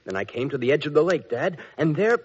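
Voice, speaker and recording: A man's voice: fairly high pitch, animated, fast talker, a little hiss or hum, lightly acted. An actor playing an earnest young prince recounting his quest in an old radio play. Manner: earnest storytelling. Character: earnest young prince who found a frog. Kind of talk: 1940s radio acting. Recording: muffled old radio recording.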